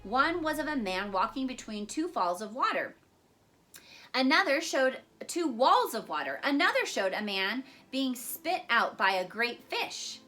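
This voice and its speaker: Woman storyteller, bright tone, lively pitch, faint music under her reading. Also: a little slow. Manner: expressive, dramatic reading. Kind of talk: storybook read-aloud.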